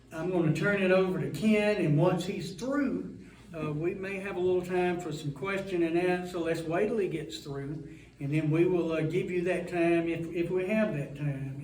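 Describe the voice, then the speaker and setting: A man's voice: a little high, a little mellow. A man hosting an event before a live audience, introducing a guest in a rambling, joking, chatty way. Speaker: host introducing a guest speaker. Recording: roomy hall, mic some distance away.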